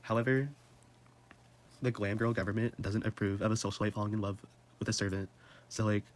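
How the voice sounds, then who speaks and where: A young man presenting in a casual, comedic way, animated and slangy, laughing mid-sentence. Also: lowish voice, brisk.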